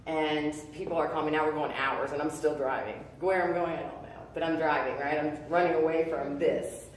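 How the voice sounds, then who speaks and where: A woman in her thirties giving a personal testimony, earnest and halting, full of fillers and restarts. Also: deep voice, fairly even intonation, slight background noise. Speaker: testimony speaker. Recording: echoey room, voice from a distance.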